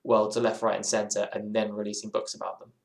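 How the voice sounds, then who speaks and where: A man's voice: fairly low pitch, completely flat delivery, fairly quick, vocal fry, echoey room. A man streaming a game, chatting casually in a rambling, musing way that keeps circling back on itself. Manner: rambling, musing, self-interrupting. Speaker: gaming streamer. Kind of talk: casual live-stream chat while playing.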